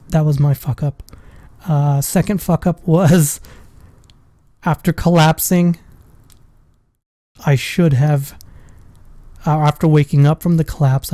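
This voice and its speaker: A man's voice: fairly high pitch, fairly even intonation, takes it slowly, long pauses, warm tone, no room sound. A man, a father, casually telling a personal story in a rambling, profane way. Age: adult with a school-age daughter. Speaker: vlogger.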